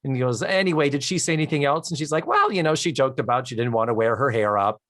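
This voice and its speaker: A man co-hosting a podcast, retelling a sitcom episode with animated storytelling, acting out its lines and swearing for comic effect. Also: medium pitch, quick pace, dry recording, clean studio sound. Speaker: podcast co-host. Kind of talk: casual recap chat.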